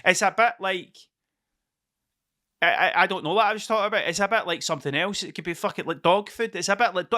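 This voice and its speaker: High and fast, with a pushed, bright delivery, this man from Scotland hosts his own podcast. His casual solo monologue wanders from point to point, peppered freely with swearing.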